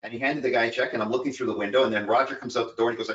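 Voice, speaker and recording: A man's voice: mid-range voice, fairly even intonation, racing, a bit bright. A man co-hosting a casual talk, telling stories earnestly and rambling a bit with fillers. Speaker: co-host. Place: home in Florida. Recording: echoey distant lo-fi recording.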